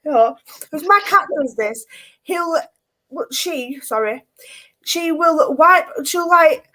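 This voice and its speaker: A woman's voice: high-pitched, animated, slow, pushed and bright. A woman guest chatting casually on a video call, hedging often with filler phrases.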